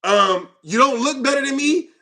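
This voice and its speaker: Heated ranting host, man, high bright voice, confrontational. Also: expressive, moderate pace. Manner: heated, confrontational, repetitive, swings loud and quiet. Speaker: channel host. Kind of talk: ranting commentary to viewers.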